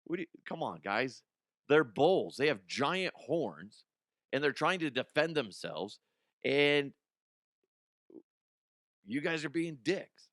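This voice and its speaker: A man's voice: a little high, sing-song, slow, pauses often, a bit bright, no echo, studio quality. A young adult man hosting a comedy news podcast, ranting casually with swearing, laughter and mocking put-on voices.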